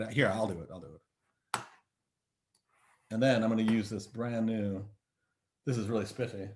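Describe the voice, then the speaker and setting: A man giving a university lecture over a video call, chatty and thinking aloud with many fillers and restarts. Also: mid-range voice. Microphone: computer mic on video call.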